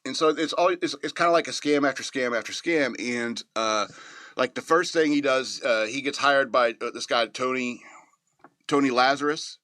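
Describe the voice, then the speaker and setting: A man talks through a movie review in a loose, meandering way, stopping for ums and small chuckles. His voice is bright and forceful at a middling pitch. The sound is dry and close, with no room around it. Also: normal speed, no echo. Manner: rambling, with many fillers and chuckles. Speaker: podcast host reviewing a movie. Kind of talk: casual spoken movie review.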